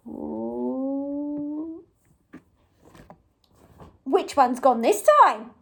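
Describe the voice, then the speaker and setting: A woman's voice: high-pitched, animated, takes it slowly. A young woman leading a memory game for small children, gasping with surprise and making animal sounds. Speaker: early years teacher.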